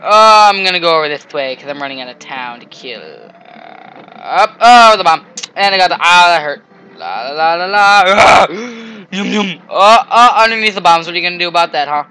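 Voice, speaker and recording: A man playing a video game and commenting, excitable, often shouting and taunting the enemies on screen. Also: sits high, moderate pace, clear, resonant tone, poor audio. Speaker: gamer. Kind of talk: let's play commentary.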